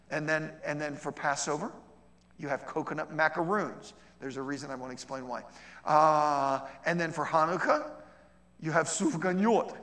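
Guy teaching a class, jokey and chatty, gravelly voice, lots of hall echo. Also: medium pitch, a bit bright. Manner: chatty, humorous, acts out little dialogues. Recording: echoey hall.

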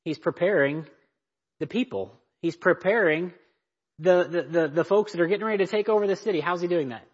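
A man with a high, fairly quick and slightly rough voice teaches a church parenting class emphatically, checking in often with "right?" and "okay?". The recording is dull and lo-fi.

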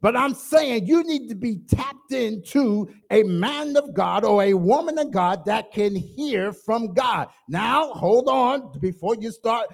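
Man, pastor, sermon, high voice, gravelly, shouting and soft asides. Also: lively intonation, slow pace, hardly any pauses. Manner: preaching with call-and-response, swinging from loud shouting to low asides.

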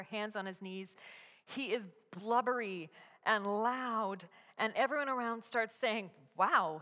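A woman narrating a dramatic story, moving from hushed whispers to loud, urgent peaks. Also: medium pitch. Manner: expressive, swings from hushed whispers to loud climaxes. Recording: long hall reverb.

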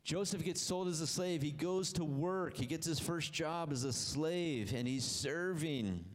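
A man preaching a sermon, telling the story with animated delivery that rises and drops low for emphasis. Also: a little slow.

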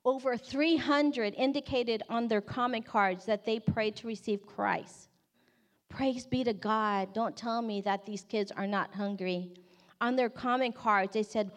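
A woman's voice: on the high side, unhurried. Earnest woman telling a faith story. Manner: earnest, expressive storyteller who acts out quotes. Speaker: campus ministry worker. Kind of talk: storytelling testimony talk.

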